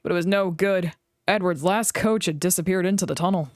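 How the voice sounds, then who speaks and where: A woman reading a children's storybook aloud in an expressive way. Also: fairly low pitch, brisk, no room sound, clean studio sound. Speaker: reader.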